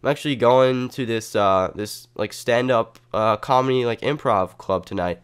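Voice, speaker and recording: A chatty female prison nurse, as a man puts her on, casual and breezy. The voice rides noticeably higher than a plain male tone and stays smooth and clear. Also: normal speed, lightly acted.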